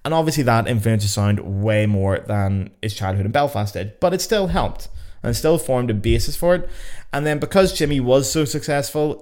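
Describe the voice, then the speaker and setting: A man with a Northern Irish accent hosting a casual solo podcast, chatty and excitable, swearing freely as he talks. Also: medium pitch. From Northern Ireland. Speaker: podcast host. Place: home.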